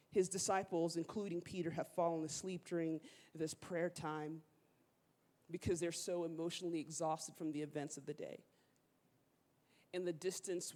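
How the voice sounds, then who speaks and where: A woman preacher telling a story in a sermon, casual and slangy, acting out the people she quotes. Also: fairly low pitch. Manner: animated, slangy, acts out quotes. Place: church sanctuary.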